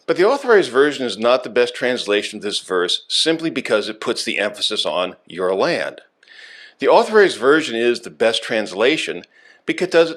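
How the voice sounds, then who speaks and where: A man of middle pitch reads a prepared radio lecture. His delivery is measured and deliberate, with a lively, rising and falling intonation. He punches the key phrases for emphasis. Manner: measured, emphatic reading with stressed key words.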